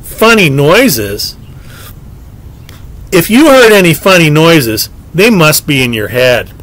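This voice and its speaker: A sly, mysterious boy with a silky, mocking voice, pitched well above the narrator's, as a man puts him on. His words glide out smoothly, with a teasing edge. It is one of the figures in a storybook reading. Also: sing-song, slow, a bit bright, exaggerated voice. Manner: silky, mocking, sometimes shrill.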